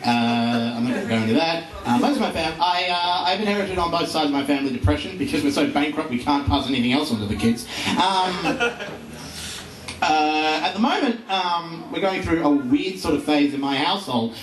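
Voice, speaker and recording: A man's voice: on the high side, expressive, fairly quick. A man in his twenties doing profane, rambling stand-up full of ums and uhs, live in a comedy venue with an audience. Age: 20s. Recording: echoey room, distant mic, crowd.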